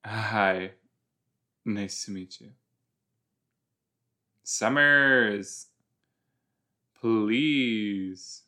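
A man's voice: on the low side, very slow, pauses often. A man hosting a podcast, reacting casually and with lots of exclamations while watching a TV episode. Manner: exclaiming, chatty, loose and animated.

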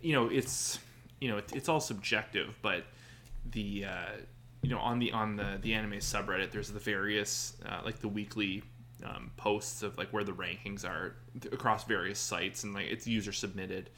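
A man's voice: on the low side, fairly even intonation, normal speed, pushed and bright. A man co-hosting a podcast, chatting in an easygoing way with lots of fillers. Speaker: podcast co-host. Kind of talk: casual chat about anime. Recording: faint background noise.

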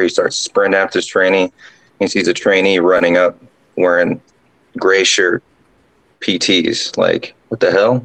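A drill sergeant guest casually telling a ghost story, rambling along with lots of fillers. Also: male voice, low voice, gravelly, fairly bright tone, poor audio.

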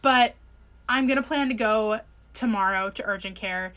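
Young woman, bright tone, slightly high, podcast co-host, chatty and wry. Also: moderate pace. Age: 20s. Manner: chatty, filler-heavy, wry. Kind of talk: casual chat.

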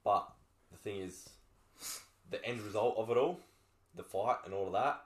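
A man's voice: lowish voice, normal speed. A young man co-hosting a podcast, explaining things plainly in a laid-back way with casual swearing. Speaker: podcast co-host. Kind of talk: casual chat. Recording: echoey room.

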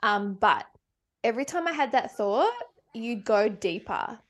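A woman, hosting a podcast in a gentle, soft-spoken way and encouraging her guest in casual conversation. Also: a little high, big pitch swings, measured pace.

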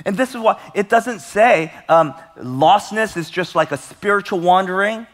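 Male pastor, storytelling sermon, slightly high voice, soft for tender moments, loud for emphasis, long hall echo. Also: lively intonation, moderate pace. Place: large church hall. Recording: long church hall reverb.

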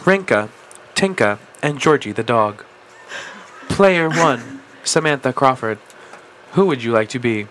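A man's voice: medium pitch, expressive, unhurried, pauses often, a bit bright, rough recording. A man voicing a formal male VR simulation announcer who greets players and lists the characters. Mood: announcing. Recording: background noise.

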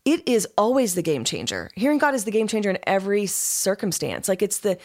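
A woman pastor tells a story as a guest on a podcast, speaking at a middle pitch. She is animated and laughs often as she goes. Her manner stays casual and talkative. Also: a little fast.

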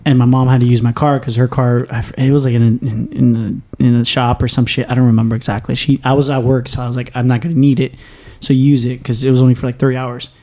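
A man's voice: mid-range voice, level tone, fast talker, mellow. A young man hosting a podcast, telling a long story in a rambling, profane, casual way with frequent laughs. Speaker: podcast host. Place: small home studio.

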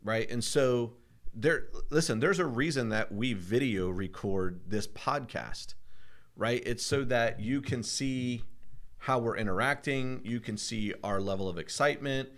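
Man, podcast co-host, upbeat, explaining, mid-pitched voice. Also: a little slow. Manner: upbeat, explaining, often asks "right?". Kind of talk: casual podcast chat.

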